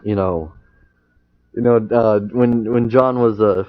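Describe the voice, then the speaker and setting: A young man, a podcast guest, telling a story in casual chat, halting with many fillers and restarts. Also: on the low side, fairly even intonation, no room sound. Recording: muffled lo-fi sound.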